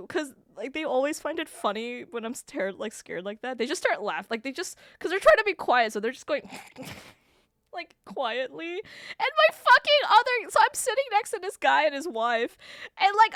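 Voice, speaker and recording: A woman streamer tells stories to her chat, laughing often and swearing freely. Her voice sits a little high and swoops up and down with a lot of expression. The sound is close and dry, with no room echo. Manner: animated storytelling with frequent laughs and swearing. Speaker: live streamer. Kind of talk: casual chat to stream viewers.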